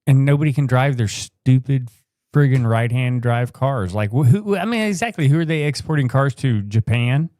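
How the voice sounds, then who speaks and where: A man's voice: mid-range voice, moderate pace, mellow, dry recording, clean studio sound. An American man co-hosting a live podcast, rambling through opinions with casual swearing. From United States. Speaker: podcast co-host.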